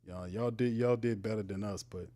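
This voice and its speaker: A man's voice: lowish voice, fairly even intonation, moderate pace, dark tone. A man hosting a sports livestream, talking casually and animatedly, teasing his chat and laughing often. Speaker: sports show host.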